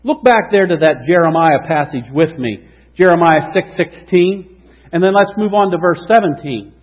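A male pastor preaching a sermon in a church, animated, swinging from loud emphasis to hushed tones. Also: fairly high pitch, normal speed. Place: church sanctuary. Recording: dull lo-fi recording with long hall reverb.

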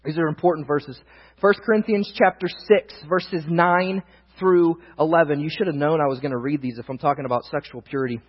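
A man's voice: on the high side, brisk. Earnest young male preacher in a big room. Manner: earnest, swings from loud emphasis to near-hushed confiding. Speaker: pastor. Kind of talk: sermon. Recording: dull, roomy long reverb, husky.

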